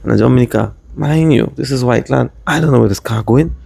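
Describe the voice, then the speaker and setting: A man from Trinidad with a Trinidadian accent, casually telling a rambling personal story in lively dialect. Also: medium pitch, a little fast, gravelly, slightly rough, no echo. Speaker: vlogger.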